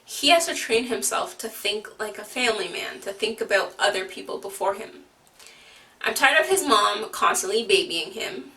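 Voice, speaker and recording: A woman's voice: mid-range voice, bright, forceful tone, far from the mic. A woman vlogger recapping a reality show in a chatty, opinionated way, full of "like" fillers. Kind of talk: casual TV recap chat.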